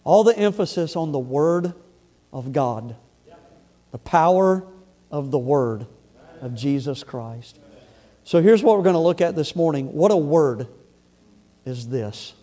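A warm, slightly high male voice, animated and measured, with frequent pauses, belongs to a middle-aged pastor giving a sermon in a church sanctuary. He reads Bible passages and then talks about them in a conversational, storytelling way, with humorous asides and a few restarts.

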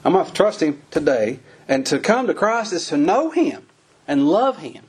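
A preacher delivering a sermon in a husky, slightly raised voice. He talks in a plain, folksy way and pushes his voice up high whenever he drives a point home. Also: very animated, moderate pace, darkish tone. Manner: folksy preaching, voice climbing high on emphatic lines.

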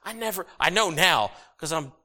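A middle-aged man preaching a sermon, animated and jokey with sudden loud bursts. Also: high voice, normal speed. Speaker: pastor.

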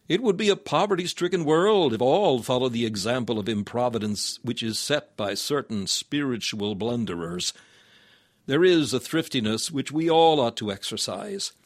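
A man's voice: on the high side, no room sound, studio quality. A man reading an old-fashioned sermon aloud in an earnest, exhorting, solemn manner. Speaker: sermon reader.

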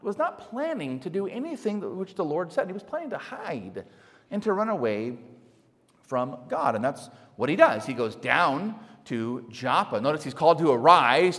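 A man preaching a sermon as pastor, speaking in an animated way and asking his congregation rhetorical questions. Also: on the high side. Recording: long hall reverb.

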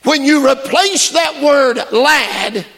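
A male preacher delivering a fervent sermon that builds to shouted emphasis. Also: very high voice, slow pace, vocal fry. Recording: long hall reverb.

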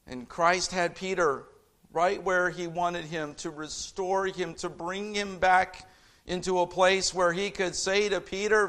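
A male preacher with a notably high voice delivers a sermon. He moves from quiet, measured explanation to passionate, climbing appeals. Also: steady tone. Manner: builds from hushed, measured exposition to fervent, rising appeals.

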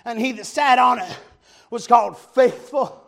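A man preaching a fervent revival sermon, often shouting and repeating refrains. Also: a little slow. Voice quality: gravelly, high-pitched voice.

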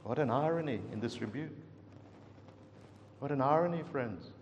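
A man's voice: mid-range voice, normal speed, lo-fi sound, slight background noise. Earnest preacher man in a reverberant hall. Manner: earnest, dramatic storytelling with big swings. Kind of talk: sermon.

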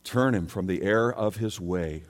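A man's voice: deep voice, moderate pace. A male pastor preaching a sermon, emphatic, and he keeps rising into pleading questions. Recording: long hall reverb.

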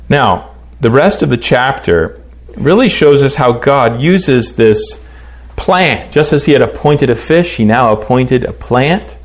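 A man teaching a Bible lesson, reading scripture aloud and commenting on it with lively emphasis. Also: mid-range voice.

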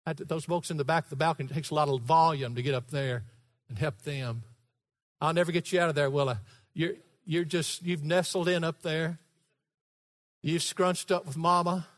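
A man preaching as pastor, emphatic and rising to shouts, teasing his congregation now and then, in a large church with a balcony. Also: a little high, steady tone, normal speed, big-room sound. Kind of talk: sermon.

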